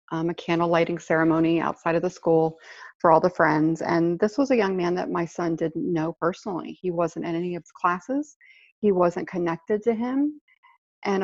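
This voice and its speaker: Over an online call, a woman podcast host shares a heartfelt personal story, earnest and reflective, speaking of her feelings with emotion. Her voice is lowish and a little mellow, and the call audio is dry, dull and muffled.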